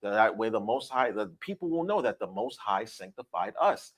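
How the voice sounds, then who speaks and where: A man's voice: fairly low pitch, very animated, normal speed, slightly rough. A man leading a livestreamed Bible study, emphatic and repetitive, checking in with "all right?" after his points. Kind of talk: livestreamed scripture lesson.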